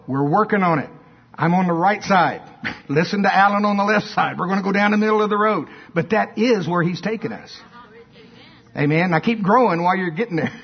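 A male preacher telling a story in an emphatic, animated sermon, with asides to the congregation. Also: high voice, breathy edge. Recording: dull lo-fi sermon recording.

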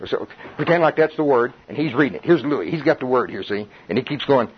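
A middle-aged pastor preaches in a husky voice, chatty and lively, often repeating himself for emphasis. The recording sounds muffled and dull, as if taken in a church meeting room. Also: male voice, mid-range voice, fast. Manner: lively, conversational preaching with chuckles and repetition. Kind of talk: sermon at a Bible study.

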